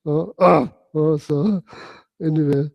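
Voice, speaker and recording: Man telling stories in halting, chuckling speech. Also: a little high, steady tone, vocal fry, dry recording. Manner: halting, repeats words, chuckles often, chatty. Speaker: Buddhist teacher. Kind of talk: relaxed dharma talk storytelling.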